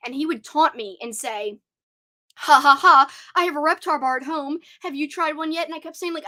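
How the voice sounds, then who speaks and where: Young woman streamer, high bright voice, chatty and excitable, reads comments out loud. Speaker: live stream host. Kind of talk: casual live stream chat.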